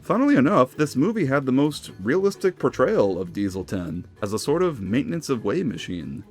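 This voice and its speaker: A man's voice: mid-range voice, sing-song, brisk, darkish tone, faint music behind. A man giving scripted, enthusiastic narration for a fan video essay. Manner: enthusiastic, conversational fan commentary.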